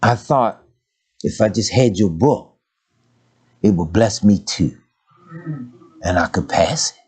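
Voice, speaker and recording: An older man preaching a folksy, humorous sermon, telling stories and swinging from low murmurs to high exclamations. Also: animated, takes it slowly, darkish tone, husky. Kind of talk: sermon with storytelling.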